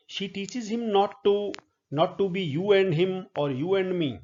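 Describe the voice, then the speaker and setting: A middle-aged male professor lectures on poetry at a very unhurried pace, his voice sitting a little high for a man. He explains each point deliberately, pausing with the odd filler. The recording sounds dull and lo-fi. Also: animated, a little mellow. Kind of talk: literature lecture.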